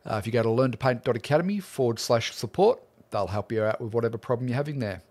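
Man, Australian accent, middle-aged, medium pitch, friendly, casual livestream host, art teacher. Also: fast talker, darkish tone. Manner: friendly, greets viewers one by one by name.

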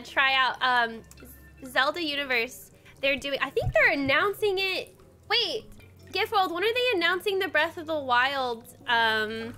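A woman's voice: sits high, bright, forceful tone. A young woman streaming a game and chatting casually with her viewers, bubbly and giggly, with lots of "like" fillers. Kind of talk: casual chat while livestreaming a game. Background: faint game music.

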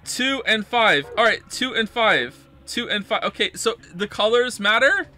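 Brief: male game streamer, fairly high and forceful, muttering and griping. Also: lively intonation, unhurried, soft background music. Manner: exasperated, swearing, muttering to himself. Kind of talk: live gameplay commentary.

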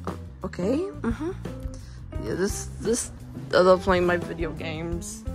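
A woman voicing a male animatronic gamer who gets worked up over losing, later reduced to a hoarse whisper. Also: lowish voice, slow, music in the background. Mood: excited gaming. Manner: excitable, then whispering hoarsely after losing voice.

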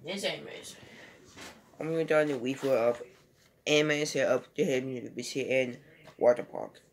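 A man's voice: medium pitch, normal speed, slight background noise. A man giving a casual home video movie review and retelling scenes in a rambling, loosely strung way.

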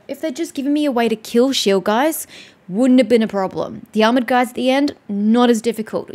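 A woman's voice: fairly high pitch, a little mellow. A woman streamer commenting on her gameplay, exhausted and upset after crying, ranting with heavy swearing. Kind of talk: let's play commentary.

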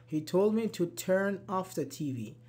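An online English teacher giving a live grammar lesson, slowly repeating example sentences and answering chat. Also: mid-range voice, lively intonation, a little mellow, husky. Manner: slow, repeats examples, apologizes and laughs at own slips.

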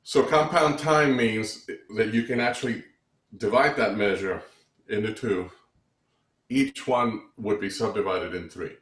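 Lower-voiced man teaching beat counting. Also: a little slow, a bit bright, reverberant. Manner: counts beats aloud, many restarts, explanatory. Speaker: music theory teacher. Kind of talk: online music lesson.

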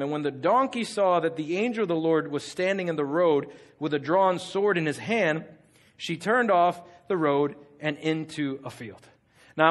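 A male pastor preaching a sermon, with animated and conversational storytelling. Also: fairly high pitch.

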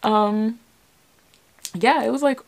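A young woman vlogger telling a personal story in a casual, animated, chatty way, laughing often. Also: on the high side, takes it slowly, gravelly.

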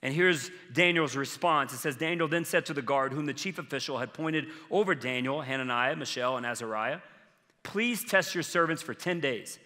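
A man's voice: medium pitch, moderate pace, sharp tone. A man preaching a sermon as a pastor, earnest and conversational, with casual fillers. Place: church sanctuary. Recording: long reverb from a large church hall.

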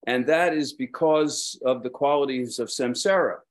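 A man's voice: mid-range voice, normal speed. Brooklyn guy giving a dharma talk, lots of uhs, wanders off and pokes fun at himself. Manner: rambling and self-deprecating, with frequent hesitations. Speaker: Buddhist dharma teacher.

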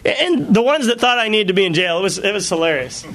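A male pastor preaching a sermon, telling personal stories in an animated way and laughing often. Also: high voice, fast talker, noisy background. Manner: animated storytelling with frequent laughter.

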